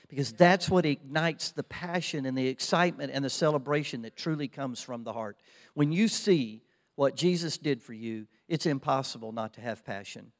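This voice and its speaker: A man's voice: a little high, in a large hall. An older man with an Oklahoma accent, preaching a fervent sermon as pastor, repeating his phrases. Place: church sanctuary.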